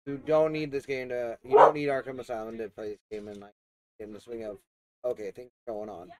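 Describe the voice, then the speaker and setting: A man giving a casual, rambling game review with many fillers and restarts. He coughs and keeps clearing his throat. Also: mid-range voice, level tone, brisk, over a noisy crowd.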